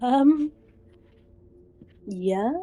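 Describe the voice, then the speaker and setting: A woman's voice: fairly high pitch, animated, drawn-out words, mellow, faint music behind. A woman playing a tabletop game, hesitant, laughing often and trailing off. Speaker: player.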